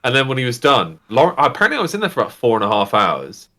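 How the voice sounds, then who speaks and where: A young man casually telling a lively story with swearing and laughs. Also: mid-range voice, racing. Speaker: game master host. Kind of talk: casual chat, storytelling anecdote.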